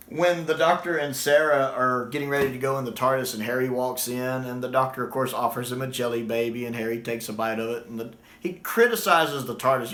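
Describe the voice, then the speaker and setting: A man giving casual, enthusiastic fan commentary, getting animated when he quotes lines. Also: medium pitch. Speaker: YouTube commentator. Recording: roomy echo.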